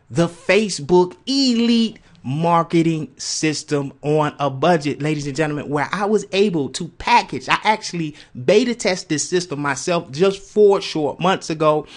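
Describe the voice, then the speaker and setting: Excited high-pitched man selling a course. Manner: excited, emphatic, keeps saying "ladies and gentlemen". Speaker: online marketer pitching a course. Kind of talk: sales pitch video.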